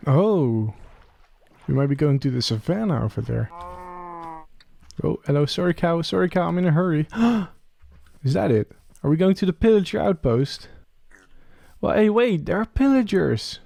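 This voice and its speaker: A man's voice: fairly high pitch, a little slow, creaky, long pauses, dry recording. A young man, chatting as he plays a game and talking to the creatures on screen. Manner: chatty, talks to game creatures, excited rising questions. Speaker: Let's Play creator. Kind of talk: casual gameplay commentary.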